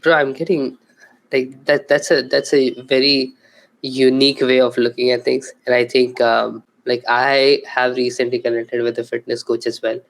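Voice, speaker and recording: Flat-voiced man hosting a podcast. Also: mid-range voice, normal speed, vocal fry, poor audio. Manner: questioning, hedging with "like" and "um". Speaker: podcast host. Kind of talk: casual podcast conversation.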